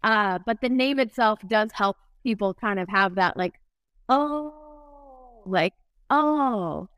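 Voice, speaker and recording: A woman's voice: mid-range voice, moderate pace, a bit bright, clear, resonant tone, no echo. A woman founder of a barbecue brand, chatting casually in an interview and laughing often.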